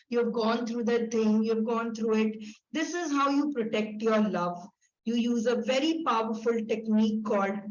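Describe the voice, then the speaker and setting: A woman leading a relationship workshop, brisk and instructive, listing points one by one. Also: on the high side. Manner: brisk, instructive, repeats key words in lists. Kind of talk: live workshop teaching. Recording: echoey room, dull lo-fi sound.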